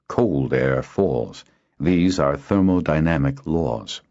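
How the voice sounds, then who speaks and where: A man narrating an audiobook in an expressive, varied delivery. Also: extremely low pitch, normal speed. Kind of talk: scripted narration. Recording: dull lo-fi recording.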